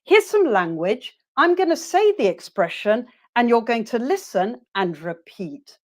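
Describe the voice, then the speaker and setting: A woman teacher trainer leads a webinar, modelling short phrases slowly for her listeners to repeat. Her pitch rises and falls in a lively, encouraging way, and she keeps an unhurried pace throughout.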